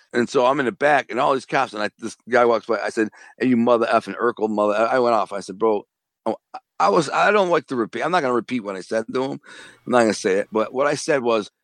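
A man, a former mob enforcer and author, telling animated, slangy stories in an interview. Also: medium pitch, no echo. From Detroit. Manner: animated, streetwise storytelling with slang and acted-out dialogue. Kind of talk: casual storytelling interview.

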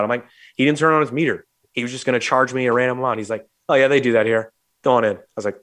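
A man's voice: mid-range voice, fast. A man from St. Louis hosting a podcast, telling a story casually and acting out the quotes with plenty of swearing. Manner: animated, swears freely, acts out quotes. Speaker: podcast host.

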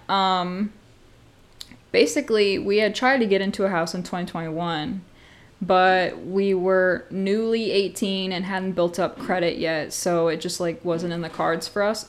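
A young woman of twenty talks on her own podcast in an easy, rambling way, full of "like." She gets animated and shoots up in pitch when something thrills her. Mid-range voice. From Missouri, US. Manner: chatty and animated, heavy use of "like," jumps up in pitch when excited. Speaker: podcast host. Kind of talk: solo casual podcast chat.

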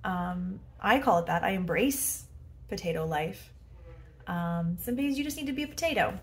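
A woman's voice: lowish voice, animated, moderate pace. Chatty woman rambling in a bedroom podcast. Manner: chatty, self-deprecating, rambling with many fillers. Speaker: head coach and podcast host. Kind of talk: casual solo podcast monologue.

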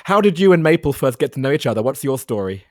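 A male podcast host asking questions politely and warmly in a medium-pitched voice. The recording is close and dry. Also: very animated, fast talker, dry recording. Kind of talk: interview.

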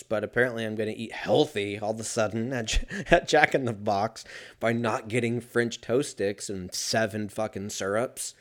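A man talking alone in a casual monologue as a podcast host, rambling and swearing and often laughing. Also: mid-range voice.

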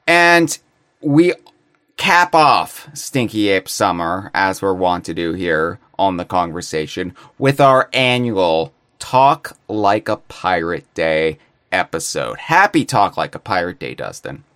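A man's voice: low voice, very animated, slow, a bit bright, smooth, no echo, studio quality. A man co-hosting a casual podcast chat, playful and theatrical, with mock-grand phrasing. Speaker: podcast co-host.

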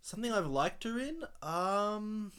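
Easygoing man, lively up-and-down voice. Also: high-pitched, measured pace, clear, resonant tone. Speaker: co-host in a movie commentary. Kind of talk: casual movie commentary chat.

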